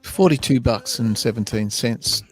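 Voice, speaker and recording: An Australian man, a band musician, talking in a relaxed, wry way over a video call. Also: mid-range voice, measured pace, soft background music. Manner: relaxed, wry, laughing storyteller. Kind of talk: casual interview chat.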